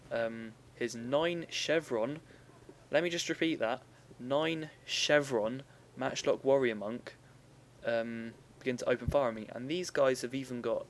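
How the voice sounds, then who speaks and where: In a relaxed, talkative manner, a young man narrates the replay of a battle from a strategy game, frequently pausing to correct himself. He speaks at an ordinary mid-range pitch, and a faint background hum lingers beneath him throughout this casual gameplay commentary.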